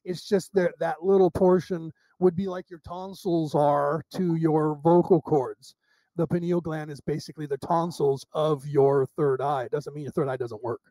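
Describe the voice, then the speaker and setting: High-voiced man telling animated stories. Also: normal speed, no echo. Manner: animated storyteller acting out quoted dialogue, with restarts. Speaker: psychic medium guest. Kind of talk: casual interview storytelling.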